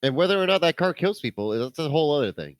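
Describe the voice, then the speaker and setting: A man's voice: fairly high pitch, quick pace, no room sound. A man co-hosting a movie podcast, casually riffing and tossing out jokes. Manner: joking, riffing with deadpan gags. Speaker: podcast co-host.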